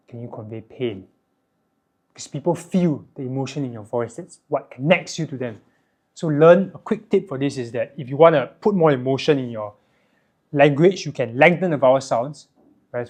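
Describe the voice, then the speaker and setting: A young Singaporean man with a Singaporean English accent, teaching sales and communication skills in an energetic, emphatic way, often checking in with a quick "right?". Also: medium pitch. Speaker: sales and self-help educator. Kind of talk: direct-to-camera teaching monologue.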